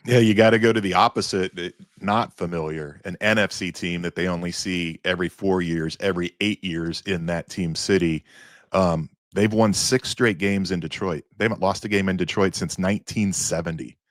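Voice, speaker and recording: A man's voice: low voice, fairly even intonation, moderate pace, no room sound, clean studio sound. A man with a Midwestern American accent co-hosting a sports podcast, easygoing and posing trivia to his partner. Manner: easygoing, laughs along, quizzes his co-host. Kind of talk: casual sports podcast chat.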